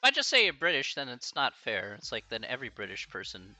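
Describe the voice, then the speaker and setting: An American man tutors math live on stream in a loose, chatty way, encouraging his students and laughing easily. His voice is very bright and his pitch swings a lot. The sound is dry and close, with faint music underneath. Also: huge pitch swings, fast talker, no echo, muffled recording. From United States. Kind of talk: casual livestream tutoring chat.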